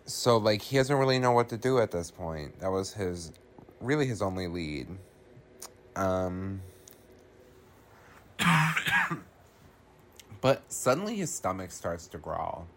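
A man's voice: sits low, lively intonation, slow, long pauses, slight background noise. A man hosting a podcast, recapping a film in a loose, profane, casual way with many ums and likes.

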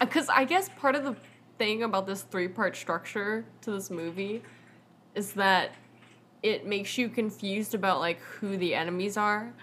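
A woman's voice: medium pitch, measured pace, a bit bright, a little hiss or hum. A woman co-hosting a casual podcast chat, talking loosely and filling her sentences with 'like'. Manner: chatty, heavy use of 'like', laughs often. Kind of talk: casual chat reviewing a film.

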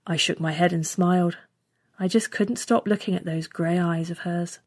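A woman narrating a first-person science fiction story in steady, scripted storytelling. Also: on the low side, moderate pace, no room sound, studio quality. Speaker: story reader.

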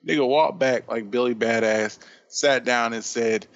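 A man's voice: mid-range voice, steady tone, a little slow, fairly bright tone, highs cut off. A man co-hosting a casual podcast chat, telling a story in a rambling, profane way. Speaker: podcast co-host.

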